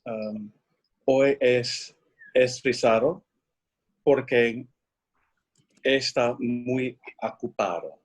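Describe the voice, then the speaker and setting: A man, a student in a Spanish class, reading his answers slowly and hesitantly. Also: mid-range voice, expressive, rough recording.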